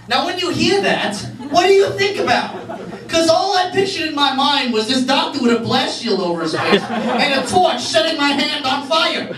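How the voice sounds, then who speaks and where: A man giving a church message as an animated storyteller, often laughing between lines. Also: very high voice, moderate pace. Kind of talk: storytelling sermon. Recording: echoey room, mic far off.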